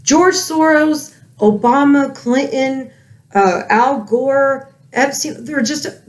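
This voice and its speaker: A woman's voice: high voice, slow pace. A woman with children, ranting angrily in a heated commentary, swearing often. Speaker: political commentary vlogger.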